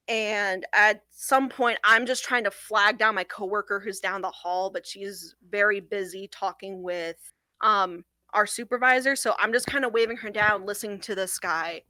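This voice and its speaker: A young adult woman who works at a domestic violence hotline recounts a hard call in an interview, sounding earnest and a little halting and often saying "like." Her voice is bright and taut at a middle pitch. The recording is dry, close and low in quality.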